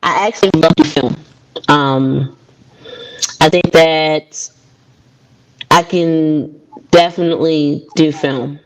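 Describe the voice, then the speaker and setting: A woman's voice: low-pitched, steady tone, slow pace, long pauses, low-quality recording. A woman from Baltimore, a guest poet, talking casually with lots of ums and restarts over a video call. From Baltimore, USA. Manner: hesitant, many fillers. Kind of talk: casual interview chat.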